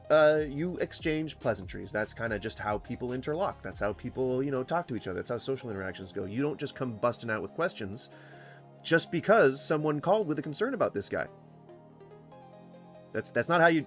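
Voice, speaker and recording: A man giving casual video commentary, his voice swinging widely up and down as he jokes and rambles. Faint music sits softly under his talk. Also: mid-range voice, fairly quick. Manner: animated, joking, rambling asides. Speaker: host reacting to videos.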